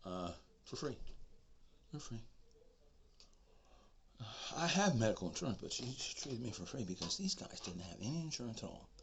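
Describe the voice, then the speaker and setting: A man in his sixties telling a personal story, swinging from loud outbursts to whispers. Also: mid-range voice, moderate pace, long pauses. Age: 60s. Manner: animated, swings from shouting to whispering. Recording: dull lo-fi recording with faint noise.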